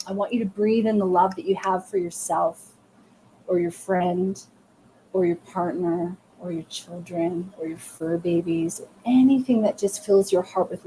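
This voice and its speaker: Woman, live-stream medium, soothing and affirming, mid-pitched, slight background hiss. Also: mellow. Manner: soothing, affirming, speaks in short phrases and says "okay" often. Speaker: medium doing live readings. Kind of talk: live-stream reading, chatting to viewers.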